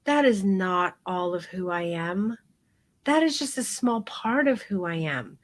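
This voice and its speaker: A middle-aged woman teaching a live photography class, telling stories in a frank, animated way with casual swearing. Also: medium pitch, measured pace. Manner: frank and animated, with mild profanity.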